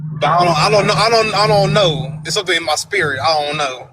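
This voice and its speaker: Bright, hesitant male co-host. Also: on the high side, fast, slightly rough, no room sound, low-quality recording. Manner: hesitant, trails off, repeats himself. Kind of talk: casual live-stream talk show.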